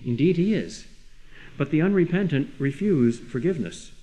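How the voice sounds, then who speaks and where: A man's voice: on the high side, lively intonation, moderate pace, warm tone, rough recording. A man delivering a sermon-like lecture, earnest and full of rhetorical questions with rising emphasis. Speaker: speaker.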